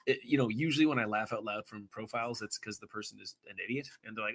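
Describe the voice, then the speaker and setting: A man's voice: on the low side, steady tone, rapid-fire, few pauses, a bit bright. A man rambling through a joking self-introduction, self-deprecating and sweary, full of filler asides. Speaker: person in an archived video clip.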